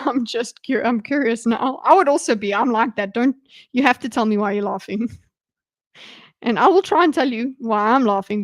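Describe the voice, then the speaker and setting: A woman's voice: on the high side, dry recording. A woman streaming live commentary on a debate video, chatty and giggly, talking back to the clip.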